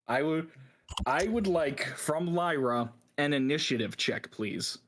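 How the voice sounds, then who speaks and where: A man's voice: a little high, slow pace, a bit bright, slight background noise. A man narrating as game master of a tabletop game, often laughing while he talks.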